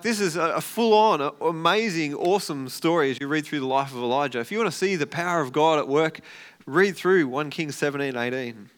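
A man preaches in an easygoing, storytelling way. His voice is smooth and resonant and sits a little high for a man. He acts out what the characters say with lively energy. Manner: conversational, animated storytelling with acted-out quotes. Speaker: pastor. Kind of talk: sermon.

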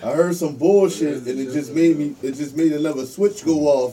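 A man's voice: a little high, brisk. Firm man, distant mic, chatter around. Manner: firm, stammering restarts. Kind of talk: casual group chat.

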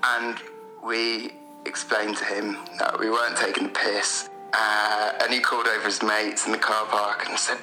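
A man from Bristol calling in to tell a casual anecdote in a relaxed, rambling way. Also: on the low side, unhurried. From Bristol, England. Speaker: caller. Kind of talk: casual storytelling. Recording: echoey room with faint music.

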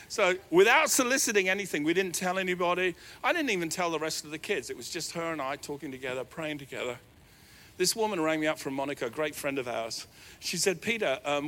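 A middle-aged man with a New Zealand accent, preaching a sermon in a church hall. He tells a personal story in an animated, self-deprecating way. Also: fairly high pitch. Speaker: pastor.

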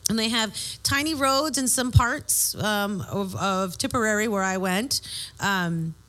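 A woman's voice: mid-range voice, unhurried, fairly bright tone. A woman co-hosting a podcast in casual chat, talkative, laughing easily and swearing casually. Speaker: podcast co-host. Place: bar.

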